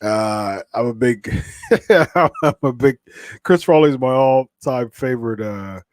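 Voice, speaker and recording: A man's voice: medium pitch, slow pace, darkish tone, dry recording. A man hosting a live podcast stream, chatting casually in a rambling way full of fillers and restarts, a little stuffy from a cold. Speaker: podcast host.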